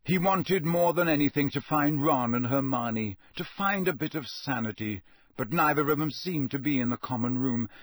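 Man narrating an audiobook, measured. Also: medium pitch, no room sound, clean studio sound. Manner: measured, steady storytelling.

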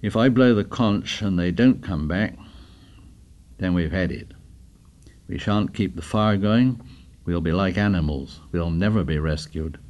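A man's voice: medium pitch, very animated, measured pace, a little mellow. Man reading as a cautious worried boy leader. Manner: cautious, hesitant.

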